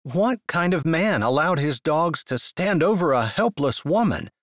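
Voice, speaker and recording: A man narrating a romance novel in an expressive, unhurried storytelling manner, close on the mic. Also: mid-range voice, no echo. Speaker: audiobook narrator. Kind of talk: scripted narration.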